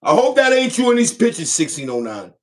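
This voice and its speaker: High-pitched guy roasting someone on his show, loud and mocking, voice all over the place. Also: huge pitch swings, brisk. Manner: loud, mocking, repeats catchphrases. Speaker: online show host. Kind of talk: comedic roast rant.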